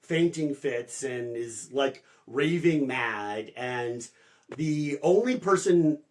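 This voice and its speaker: A man co-hosting a podcast, retelling a novel's plot in casual chat, full of "like" fillers and quick mock voices for the characters. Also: mid-range voice, expressive. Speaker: podcast co-host. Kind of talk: casual book discussion.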